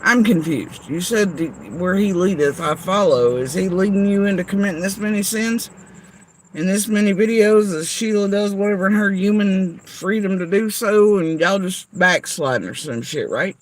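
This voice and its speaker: A man's voice: high-pitched, moderate pace, slight background noise, poor audio. A man delivering an angry, profane, sarcastic rant straight to someone he calls out. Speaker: vlogger. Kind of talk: angry ranting monologue.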